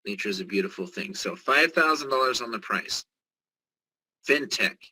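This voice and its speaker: Brief: male presenter, eager live sales pitch, sharp bright timbre. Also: moderate pace, slightly rough, low-quality recording. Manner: excited, salesy, joking.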